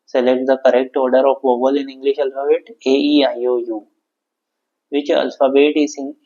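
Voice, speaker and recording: A man, a teacher reading exam questions and answers aloud, halting and correcting himself along the way. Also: mid-range voice, dark tone. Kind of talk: exam quiz walkthrough. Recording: dull lo-fi sound.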